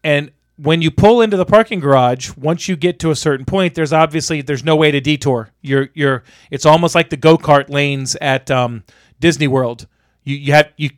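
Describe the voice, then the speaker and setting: High-voiced man telling a profane story. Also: dry recording, studio quality. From Florida. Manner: animated, profane, acts out quoted voices. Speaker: podcast co-host. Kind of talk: casual storytelling chat.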